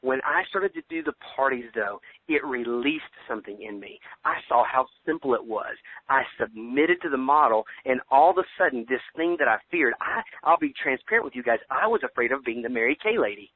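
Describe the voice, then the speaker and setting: Energetic man on a tinny phone line. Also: medium pitch, a little fast, no echo. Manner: energetic, pep-talk slang. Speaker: business trainer. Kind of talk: motivational training call.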